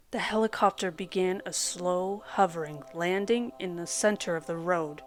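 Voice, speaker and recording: A woman narrating a first-person horror story in a dramatic, measured storytelling manner. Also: fairly low pitch. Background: soft background music.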